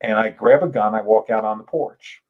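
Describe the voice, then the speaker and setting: A middle-aged man telling a lively story as a guest on a podcast, acting out voices and shouting now and then. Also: fairly low pitch, moderate pace, phone-quality sound. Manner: animated yarn-spinner, acts out Southern voices with shouts. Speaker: author and guest.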